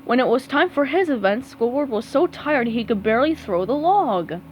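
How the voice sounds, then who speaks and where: A woman reading a children's storybook aloud in an expressive way. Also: sits high, slight background noise, low-quality recording. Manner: slow, expressive read-aloud. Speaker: storybook reader.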